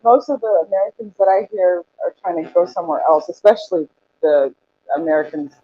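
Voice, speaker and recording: A woman calling into a stream, chatting calmly and sounding puzzled and affectionate. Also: fairly low pitch, fairly quick. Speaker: caller. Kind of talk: casual chat on a call. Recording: muffled call audio.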